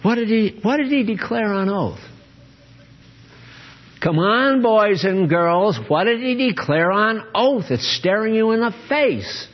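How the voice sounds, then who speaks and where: Slow husky-voiced male preacher. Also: high-pitched, animated. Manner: questions his listeners often. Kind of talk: sermon-style Bible teaching. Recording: dull lo-fi recording.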